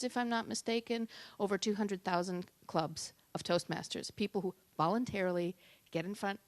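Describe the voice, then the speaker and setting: Lively woman giving a meetup talk. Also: lowish voice, no room sound. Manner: lively, varies loudness and pace for emphasis. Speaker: speaker at a tech meetup. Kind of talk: public speaking talk.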